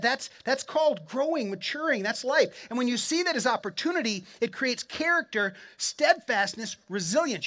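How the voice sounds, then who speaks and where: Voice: mid-range voice, a bit bright. A pastor giving an earnest, encouraging sermon in a conversational way, talking straight to the congregation and often repeating words as he restarts a thought. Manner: earnest, conversational preaching with frequent word repeats; encouraging, addresses the congregation directly.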